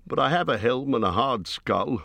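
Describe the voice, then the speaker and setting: A man voicing a small, fussy, kindly male hobbit who speaks in a high, eager, slightly shaky voice. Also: expressive, normal speed, gravelly, fairly bright tone, dry recording.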